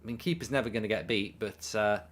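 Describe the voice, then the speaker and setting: A man's voice: on the low side, fast talker, a bit bright. A man casually chatting on a live stream, reading out viewer messages with plenty of ums. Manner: chatty, reads chat messages aloud, frequent ums. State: hiccups. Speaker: watchalong streamer.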